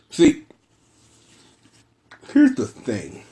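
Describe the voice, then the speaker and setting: A man's voice: a little high, sing-song, measured pace. A man hosting a casual, brash and slangy episode review, riffing at length. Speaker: show reviewer host.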